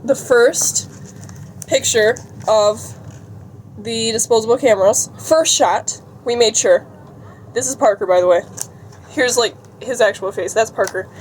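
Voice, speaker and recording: A woman's voice: fairly high pitch, a little hiss or hum. Chatty young woman vlogging. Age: young adult. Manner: chatty, giggly, reads out a list. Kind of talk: casual vlog chat.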